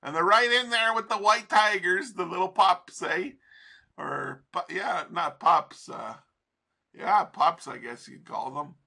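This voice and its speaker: A man's voice: high voice, measured pace, vocal fry, pushed and bright, breathy edge. A man teaching trading over a chart in a casual, profane, rambling way, laughing often. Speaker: trading instructor.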